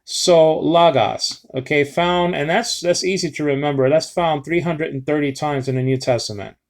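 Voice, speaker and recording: Guy explaining bible greek letters, stops and restarts a lot, keeps saying okay. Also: a little high. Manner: halting, many fillers and restarts, checks in with "okay". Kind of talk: casual spoken lesson.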